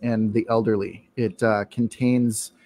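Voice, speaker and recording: A man co-hosting a casual podcast, telling a long story with many ums and pauses. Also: on the low side, level tone, darkish tone. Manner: hesitant, many ums, laughs often. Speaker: podcast co-host. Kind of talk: casual chat, rambling anecdote.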